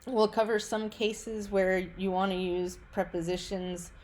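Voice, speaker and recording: A woman teaching a recorded language lesson over slides, relaxed and careful, with frequent ums and small self-corrections. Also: mid-range voice, measured pace. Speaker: Italian teacher.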